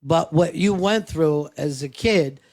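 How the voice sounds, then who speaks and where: Man, podcast host, candid conversation, earnest reflective manner, casual profanity, fairly high voice. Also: slow, a little mellow.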